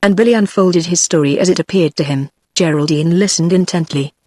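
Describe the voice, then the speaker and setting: A text-to-speech woman's voice with a British English accent, reading a novel aloud in even, machine-paced narration. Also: lowish voice, fairly quick, no room sound, clean studio sound. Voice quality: even, machine-read delivery. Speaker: audiobook narrator. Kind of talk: synthetic audiobook narration.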